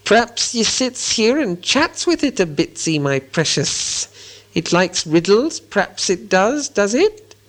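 A man voicing a small, slimy, cunning cave creature that hisses and whispers to itself in a slow, drawn-out way. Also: high voice, very animated, a bit bright, voice pushed up, exaggerated voice. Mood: wheedling, hissing.

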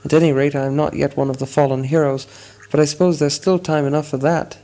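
A man's voice: fairly high pitch, little pitch movement, fast, warm tone, natural voice. A man reading an audiobook, voicing a small, anxious male hobbit with a shaky, hesitant manner. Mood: rueful. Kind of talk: audiobook character voice.

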